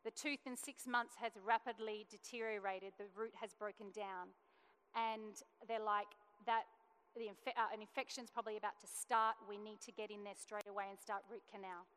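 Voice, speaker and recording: A woman's voice: medium pitch, fairly even intonation, moderate pace, a bit bright, clear, resonant tone. A woman in her thirties giving a testimony sermon, telling a family story earnestly and acting out the dialogue. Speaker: church speaker sharing testimony. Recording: long hall reverb.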